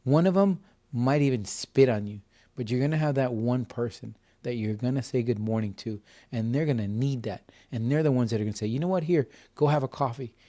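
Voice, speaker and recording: A warm-toned man in his fifties speaks a little fast at medium pitch as a podcast guest. He relates a story earnestly and with feeling, restarting often and repeating words, in a conversational interview setting.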